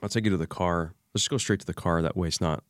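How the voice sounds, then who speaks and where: As an interview guest, a man with a very low voice animatedly recounts an emotional personal story, acting out remembered dialogue and using lots of fillers. He talks fast, and his voice sounds close and dry, with no room sound.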